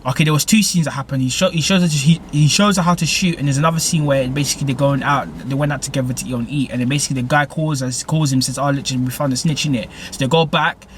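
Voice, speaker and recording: Young-sounding guy, rapid, slang-heavy plot retelling with a faint hum behind him. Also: mid-range voice, steady tone. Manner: rambling, heavy slang, repeats "basically" and "innit". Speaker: movie reviewer. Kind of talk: casual film plot recap.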